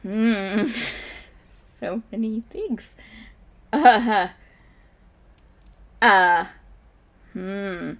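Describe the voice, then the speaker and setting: Woman player in a tabletop game, unhurried and thoughtful, lots of fillers. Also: medium pitch. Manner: hesitant, thoughtful, many fillers. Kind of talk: playing a character in a tabletop game.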